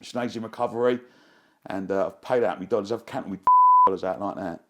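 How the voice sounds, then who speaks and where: A man spins a breathless personal story for an interviewer. His voice sits a little low, and he rambles along with slang and quick restarts, caught up in the telling. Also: background noise. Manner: excitable, rambling, fond of slang. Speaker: interview guest. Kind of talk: animated anecdote telling.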